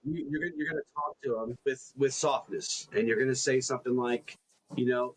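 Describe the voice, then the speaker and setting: Earnest man with a steady middle voice. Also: medium pitch, a little fast, slight background noise, rough recording. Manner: earnest, repeats words while building a point. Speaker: podcast co-host and coach. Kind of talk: casual podcast conversation.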